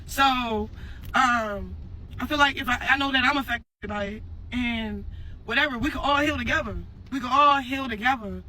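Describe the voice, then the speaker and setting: A woman's voice: on the high side, normal speed, bright, forceful tone, slight background noise, low-quality recording. A woman speaking to her followers in a casual, heartfelt video message, earnest and rambling, circling back with repeated fillers. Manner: earnest, rambling, repeats "for real" and "you know what I'm saying". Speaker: mother addressing her audience.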